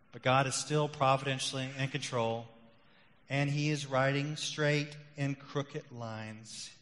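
Emphatic preacher man in a reverberant hall. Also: medium pitch. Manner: emphatic preacher, rising loud on key points then dropping quiet and confessional. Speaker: pastor. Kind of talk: sermon.

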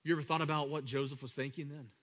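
A man preaches with a bright, forceful voice that sits fairly high. He climbs into loud, high exclamations, then drops low and quiet for emphasis. He repeats words as he builds and acts out what the people in his story say. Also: fast talker. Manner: animated, swings between loud high bursts and low quiet asides. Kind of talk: sermon.

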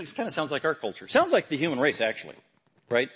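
A man preaching a sermon, talking through a passage and building to loud, emphatic proclamations. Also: fairly high pitch, huge pitch swings, fast talker, husky.

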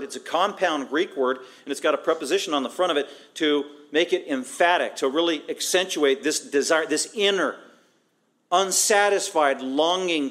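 A man's voice: a little high, fairly bright tone. A middle-aged man preaching a sermon as a pastor, emphatic and conversational, piling up repeated phrases for stress. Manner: conversational, breaks into acted quotes.

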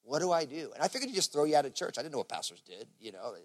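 A man's voice: mid-range voice, huge pitch swings, racing. A man preaching a sermon as pastor in a casual, conversational way, full of fillers like "you know". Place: church service.

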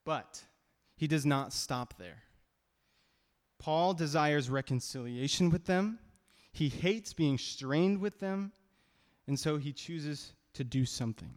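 A man's voice: on the high side, slow, long pauses. A man preaching a sermon as pastor, conversational and emphatic, with frequent restarts. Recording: long reverb of a hall.

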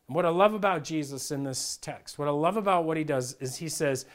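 A male pastor delivers a conversational sermon with a fairly high-pitched voice. He keeps it lively and informal, slipping in acted-out voices as he speaks. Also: moderate pace, hardly any pauses.

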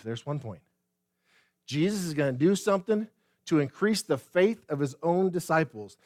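Male pastor mid-sermon: high voice, asks his church pointed questions, dry close sound. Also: normal speed, dry recording. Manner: animated preaching with rhetorical questions and repetition; addresses the congregation directly.

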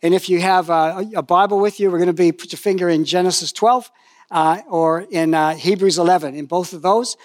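Older male preacher, high-pitched and chatty, dry close-miked sound, storytelling sermon with humor. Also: brisk, no room sound. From lived in New Zealand for decades.

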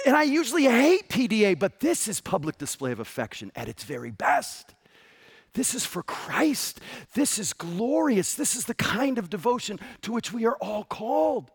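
A man preaching a sermon with passion, jumping from loud outbursts to hushed whispers. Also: high voice, husky. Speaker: pastor.

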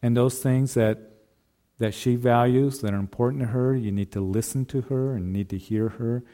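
A man's voice: mid-range voice, steady tone, moderate pace, warm tone. A man preaching a sermon, speaking earnestly and repeating phrases as he addresses the husbands in the congregation. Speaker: pastor.

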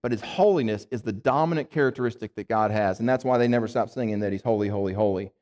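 A man preaching a sermon, reading scripture slowly and dropping his voice low to stress key words. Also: darkish tone, in a large hall. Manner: reads scripture slowly, then drops low for emphasis.

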